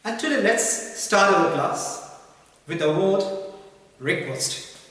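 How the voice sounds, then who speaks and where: A man's voice: high-pitched, lively intonation, a bit bright, recorded from a distance. Male teacher in an echoey room. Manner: repeats key words and examples slowly. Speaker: English teacher. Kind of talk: spoken English lesson.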